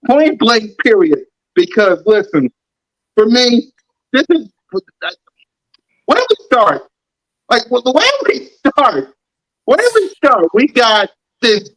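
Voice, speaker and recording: A man's voice: extremely high pitch, big pitch swings, slow pace, fairly bright tone, low-quality recording. A man hosting a fan sports talk show, ranting in a heated, mocking way and repeating lines for emphasis.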